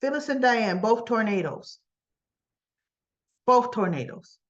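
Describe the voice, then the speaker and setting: Woman with a slightly high voice, casually retelling soap scenes, kinda muffled lo-fi audio. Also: lively intonation, slow. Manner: chatty, storytelling with "and so she goes". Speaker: soap opera recap host.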